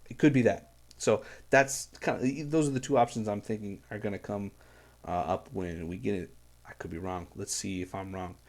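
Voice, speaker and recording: A man's voice: on the low side, fairly even intonation, normal speed. Earnest rambling man reacting to music. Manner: earnest, rambling, many fillers and restarts. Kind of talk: casual reaction commentary.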